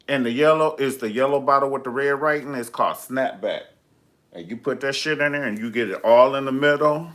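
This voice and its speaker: A man hosting a livestream from home, telling stories in a sassy, profane, animated way. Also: medium pitch, fairly quick. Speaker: livestream host. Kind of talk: comedic storytelling.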